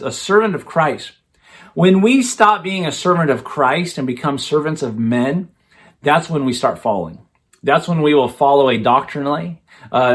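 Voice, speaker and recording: Pastor preaching, conversational. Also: male voice, a little high. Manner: conversational preaching with frequent restarts and fillers. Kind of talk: sermon.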